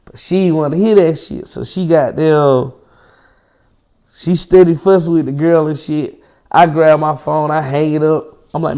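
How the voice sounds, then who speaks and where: A young man, an interview guest, telling a long personal story in slangy, profane, animated casual talk. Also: a little high, normal speed.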